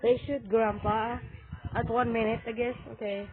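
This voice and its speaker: A woman playing a horror game and commentating, loud and jumpy with scared shrieks and exclamations. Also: fairly high pitch, flat delivery, moderate pace. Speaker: gamer. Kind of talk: excited let's-play commentary. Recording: tinny lo-fi mic with noise.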